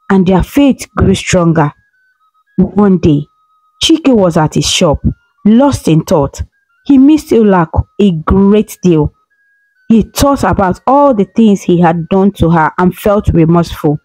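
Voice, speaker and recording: Woman narrating a folktale, mellow tone. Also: fairly low pitch, no echo, poor audio. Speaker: storyteller.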